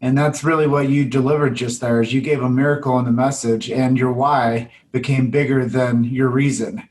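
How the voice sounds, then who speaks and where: A man's voice: medium pitch, fairly even intonation, normal speed, darkish tone, recorded from a distance. A man hosting a podcast, talking casually and emphatically and often filling with "like" and "you know". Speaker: podcast host. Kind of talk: casual conversational chat.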